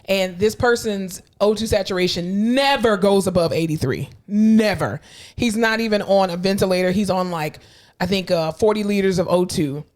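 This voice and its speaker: A woman co-hosting a casual podcast, a hospital clinician telling blunt, animated work stories full of acted-out quotes. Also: medium pitch, moderate pace. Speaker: podcast co-host. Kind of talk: casual chat.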